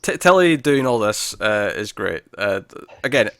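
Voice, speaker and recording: A man co-hosting a casual TV review podcast, recapping scenes in an animated way and acting out quoted lines. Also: lowish voice, normal speed, clean tone, dry recording. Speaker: podcast co-host.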